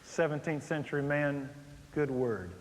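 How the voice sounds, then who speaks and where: Brief: male pastor, slightly high voice, lively sermon delivery with loud and hushed swings, long hall reverb. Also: unhurried. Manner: animated storytelling preacher, swings from loud to hushed.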